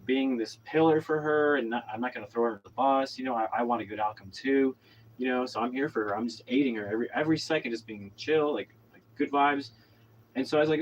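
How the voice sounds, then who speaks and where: A man from Oklahoma tells a story in a loose, rambling way, full of fillers and false starts. His voice sits at an ordinary middle pitch, with a faint hum of noise behind it. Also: fairly quick, low-quality recording. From Oklahoma, USA. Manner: rambling, many fillers and restarts. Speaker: vlogger. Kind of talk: casual storytelling monologue.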